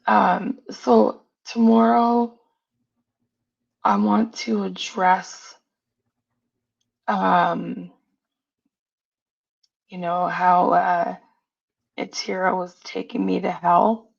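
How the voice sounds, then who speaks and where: Outspoken woman streamer, gravelly voice, dull lo-fi call sound. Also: medium pitch, level tone, drawn-out words, long pauses. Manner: blunt, outspoken. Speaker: livestream host. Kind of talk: casual livestream chat.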